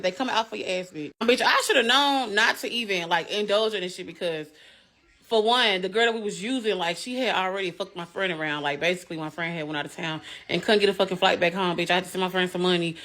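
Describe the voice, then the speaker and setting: A woman telling a story in a casual, profane and animated way. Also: on the low side, fast.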